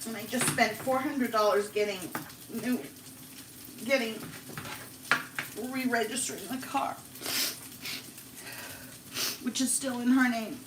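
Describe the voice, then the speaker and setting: A woman vlogger telling a personal story on a live stream in an emotional, rambling, halting way. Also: fairly high pitch, fairly even intonation, background noise. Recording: echoey, from far off the mic.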